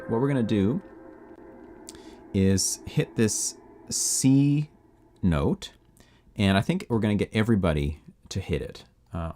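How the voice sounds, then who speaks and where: A man producing music on a live stream, chatting in a relaxed, rambling way with viewers between playing. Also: sits low, gravelly. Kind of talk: casual live-stream chat.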